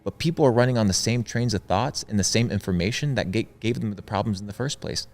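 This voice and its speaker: A man's voice: fairly low pitch, quick pace, darkish tone, soft background music. A young man talking in an interview, preachy and emphatic, repeating his points for effect. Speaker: guest. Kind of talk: motivational interview talk.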